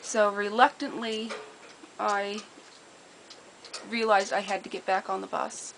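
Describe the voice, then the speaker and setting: A woman telling a personal story in a casual, earnest way, detailed and steady, with small repeated restarts. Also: mid-range voice, slow pace, creaky, a little hiss or hum, rough recording. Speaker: storyteller sharing a personal memory.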